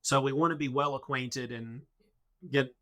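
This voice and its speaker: A man speaks as a guest on a casual podcast and explains plans step by step. His voice is mid-pitched with a bright, pressing edge. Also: steady tone, moderate pace. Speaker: podcast guest, head of a mission organization.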